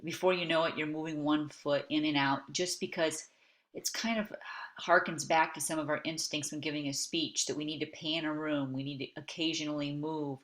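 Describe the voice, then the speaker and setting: Woman teacher lecturing on video, pretty low voice, chatty, keeps saying okay. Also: fairly even intonation, normal speed, fairly bright tone. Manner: conversational, frequent "okay?" check-ins. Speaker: instructor.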